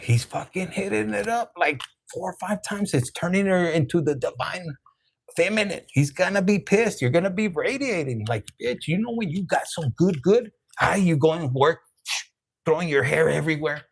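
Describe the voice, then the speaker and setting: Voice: mid-range voice, expressive, normal speed, creaky, husky. A tarot reader giving a casual, profane online reading in a brash, slangy style, swearing freely.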